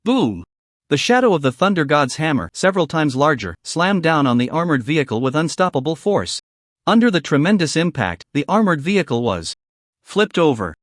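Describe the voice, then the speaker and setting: A man reading a scripted story recap in a steady narrating voice. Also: fairly high pitch, normal speed, no room sound, clean studio sound.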